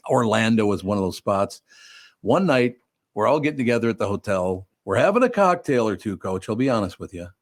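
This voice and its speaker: Low-voiced older male radio host. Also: no echo, clean studio sound. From Minnesota. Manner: chatty storyteller, rambling with restarts. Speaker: radio talk show host. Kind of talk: casual interview chat.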